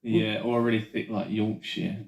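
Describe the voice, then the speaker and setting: A man's voice: lowish voice, flat delivery, moderate pace, creaky, a little mellow, far from the mic. A man chatting on a podcast in casual banter, hesitant and trailing off, filling his talk with 'like'. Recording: echoey room, away from the mic.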